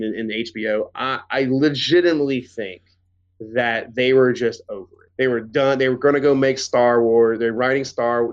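A man co-hosting a podcast in casual, rambling chat, swearing freely and getting animated. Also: medium pitch, highs cut off. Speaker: podcast co-host.

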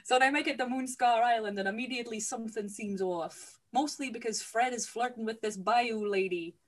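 A woman's voice: on the high side, brisk. A woman host retelling a movie plot for laughs, chatty, laughing often and swearing casually. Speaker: podcast host. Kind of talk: comedic movie recap.

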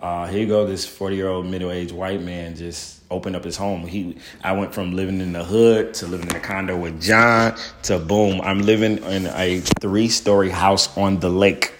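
Deep-voiced man telling a casual story. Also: steady tone, moderate pace, hardly any pauses, a little hiss or hum. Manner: loose, profane, peppered with "boom" and fillers. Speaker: comedian telling his life story.

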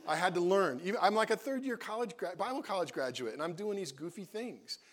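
A man's voice: sits high, lively intonation, brisk. Earnest man sharing a mission story. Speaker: missionary co-host. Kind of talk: casual testimony talk.

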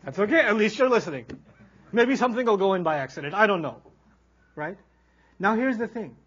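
Husky-voiced man lecturing with humor. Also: high-pitched, a little fast, dull audio. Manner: animated storyteller, acts out quoted characters. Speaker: Islamic teacher.

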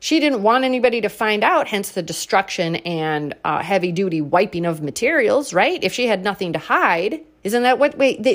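A woman talks through political commentary in a casual, combative way. Her pitch swings widely, dropping low on asides and leaping up on sarcastic jabs. She sounds exasperated and mocking. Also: lively intonation, moderate pace, hardly any pauses. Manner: sarcastic, combative, rising to near-shouts on sharp points.

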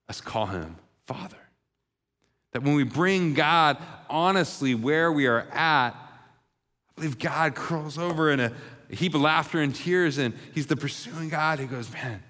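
A man's voice: on the high side, a bit bright. A man preaching a sermon, telling a story and acting out the voices of its characters. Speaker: pastor. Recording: long reverb of a large hall.

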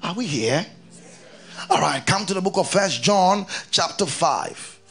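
A man preaches with a very high, husky voice that jumps around a lot in pitch. He quizzes his congregation again and again and reads scripture aloud between his points. Faint music plays behind him. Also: a little slow. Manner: animated, keeps questioning the congregation. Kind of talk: sermon to a congregation.

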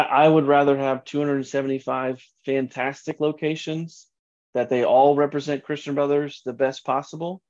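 A man's voice: mid-range voice, vocal fry, darkish tone, lo-fi sound. A man answering podcast interview questions as a franchise executive, earnest and often restarting his sentences.

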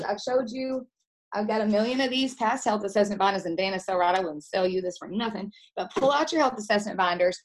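A middle-aged woman leading a team call as a health coach, giving an emphatic, passionate motivational talk. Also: mid-range voice. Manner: passionate, emphatic, addresses listeners as guys.

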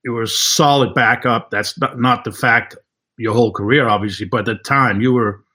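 A man's voice: medium pitch, moderate pace. Older guy in his 60s hosting, teasing and upbeat, ex kicker. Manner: playful, teasing, animated questions. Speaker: host, retired football kicker. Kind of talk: casual conversational interview.

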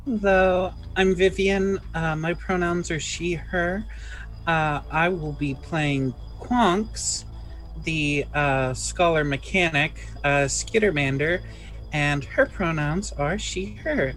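Slow, hesitant player voice. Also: mid-range voice, fairly bright tone, faint music behind, poor audio. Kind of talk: casual chat.

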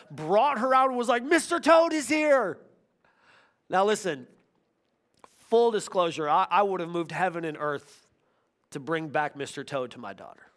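A man preaching a sermon as pastor, telling personal stories with earnest feeling and swinging from loud to hushed. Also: sits high.

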